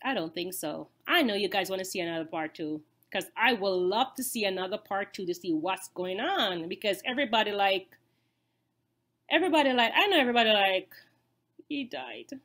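A woman's voice: medium pitch, a little fast. A woman vlogger chatting casually to her viewers. She repeats herself and keeps asking them rhetorical questions. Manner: excitable. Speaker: YouTube vlogger. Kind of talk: casual chat to camera.

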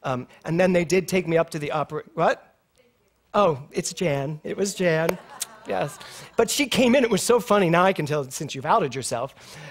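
A middle-aged male minister speaks at a moderate pace in a fairly high voice, sharing a personal story in his sermon at a spiritual center. His storytelling is animated, with frequent laughter and dialogue he acts out.

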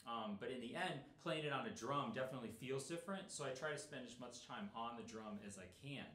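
A middle-aged man teaching snare drum in a relaxed, explanatory way, with many fillers. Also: mid-range voice, quick pace, reverberant. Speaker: percussion teacher. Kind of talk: instructional talk.

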